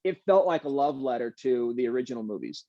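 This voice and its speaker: A young adult man, an actor guest, chatting casually in an interview, easygoing and animated with plenty of fillers. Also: medium pitch, fast, no room sound, muffled recording.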